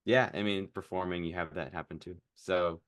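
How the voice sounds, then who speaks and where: A man's voice: deep voice, fairly even intonation, moderate pace, a bit bright, no echo, studio quality. A man in his mid-twenties, a podcast guest, chatting casually with lots of fillers and laughing at himself. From Iowa. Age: 20s. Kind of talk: casual interview chat.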